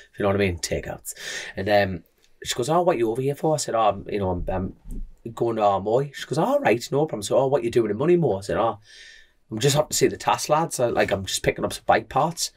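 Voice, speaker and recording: A man's voice: lowish voice, slightly rough. A man co-hosting a motorbike podcast, telling rambling stories full of fillers in a casual chat. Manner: rambling, lots of fillers, animated storytelling. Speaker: podcast co-host and motorbike racer.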